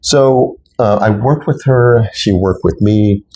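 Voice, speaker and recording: A man's voice: lowish voice, slow pace, warm tone. A middle-aged man from Texas, a city council candidate, telling personal stories earnestly in an interview. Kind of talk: interview conversation.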